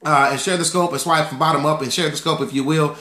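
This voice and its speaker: A man talks money on a phone live stream, his voice bright and a touch high. He works the crowd like a preacher, repeating lines and asking viewers to answer back. The room around him rings with echo. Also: steady tone, fast talker. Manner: preacherly call-and-response, repeats key phrases. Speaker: financial coach. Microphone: phone livestream.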